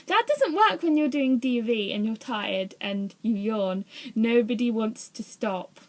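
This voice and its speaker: Talking to the camera in an unhurried, slightly high and a little mellow voice, a young woman vlogs casually. Her manner is rambling and hesitant, with frequent self-deprecating jokes.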